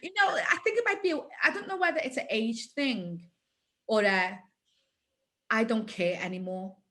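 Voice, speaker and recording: A woman in her forties with a Liverpool accent appears as a guest in a conversational interview. Her voice sits high and sing-song with a sharp tone at normal speed, and she speaks emphatically, repeating phrases for stress.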